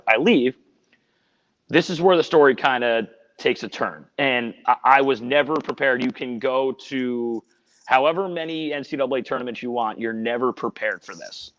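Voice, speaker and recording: A man working as a sports radio reporter, telling a story in a casual podcast chat, earnest and rambling with frequent restarts. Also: mid-range voice. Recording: dull lo-fi audio with long reverb.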